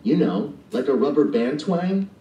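An eager young boy who is crazy about frogs, as a man reading a storybook puts him on. The voice leaps around in lively swoops. It comes from a distance with a roomy echo. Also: mid-range voice, a little slow, dull audio, pitched above the performer's own voice. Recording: distant and echoey playback.

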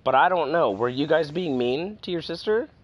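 Animated, swearing man telling stories. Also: a little high, moderate pace, dull audio. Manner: animated storytelling, swears freely. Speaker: streamer. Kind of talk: casual chat on a live stream. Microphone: headset.

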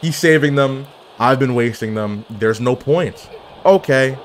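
A man at a mid pitch talks over his own online wrestling match, hyping himself up and trash-talking his opponent. He jokes and swears freely and throws in wrestling slang. A faint hum of noise sits behind his voice. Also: measured pace. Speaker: gaming video creator.

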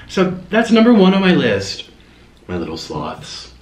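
With a mid-range, darkish voice whose pitch swoops wildly, a young man talks at normal speed while eating on camera for his home mukbang show. He rambles casually between bites, and the audio carries a roomy echo.

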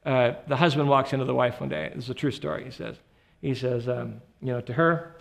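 A man giving a humorous Christian teaching talk, an animated storyteller who slips into voices. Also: mid-range voice, brisk, vocal fry.

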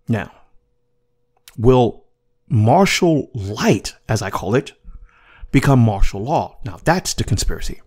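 A man hosting his own show, talking in an emphatic, swearing monologue. His pitch swings widely as he presses his points, often repeating himself. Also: big pitch swings, slow, pauses often, darkish tone, breathy edge. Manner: emphatic, repetitive, profane. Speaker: podcast host. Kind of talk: casual commentary monologue.

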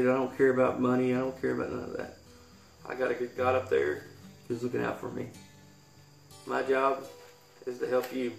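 A man in his thirties with a Kentucky Southern accent, reading a poem and then talking earnestly in a vlog, rambling and restarting his sentences. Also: medium pitch. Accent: Kentucky Southern American. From Kentucky, USA. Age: 30s. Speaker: YouTuber. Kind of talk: poetry reading and heartfelt vlog talk. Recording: roomy echo with faint guitar music.

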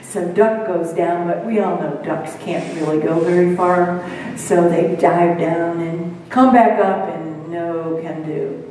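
A woman minister telling a story in a sermon, slowly and dramatically. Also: lowish voice, steady tone, warm tone, a little hiss or hum. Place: church sanctuary. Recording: echoey church hall, mic far off.

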